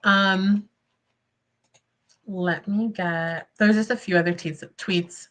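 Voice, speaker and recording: A young woman hosting casual livestream commentary, expressive and indignant, laughing often between points. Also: mid-range voice, slow, pauses often. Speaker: commentary channel host.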